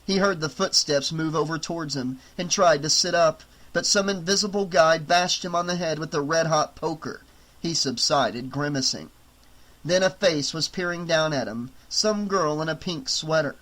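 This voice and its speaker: A man narrating an audiobook in a steady, even storytelling voice. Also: fairly high pitch.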